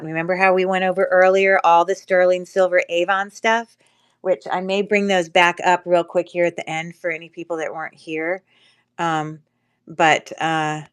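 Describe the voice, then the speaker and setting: A woman's voice: lowish voice, clean tone. A woman with a stuffy nose from a cold, chatting casually with many ums while running a live jewelry auction. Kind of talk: casual live-stream selling chat.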